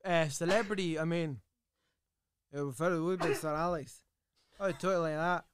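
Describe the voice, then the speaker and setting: An Irish man hosting a casual chat, an animated storyteller who swears casually. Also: fairly high pitch, normal speed, noisy background. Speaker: podcast host and impressionist.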